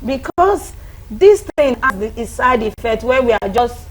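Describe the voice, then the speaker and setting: Woman on a talk show, middle-aged, lively, slightly high voice, bit of hiss. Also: unhurried. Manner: animated, acts out children's and parents' voices. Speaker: guest parenting expert. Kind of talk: studio talk show discussion.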